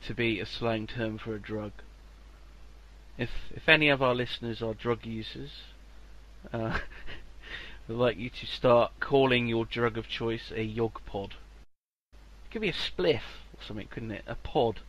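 Man, podcast co-host, bright voice, crude joker, casual banter. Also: medium pitch, poor audio. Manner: jokey, crude, quick to slip into silly voices.

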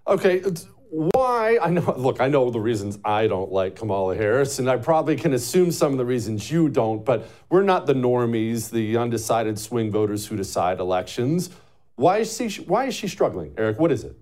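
A man hosting a political talk show, lively and mocking, laughing often. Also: medium pitch, normal speed.

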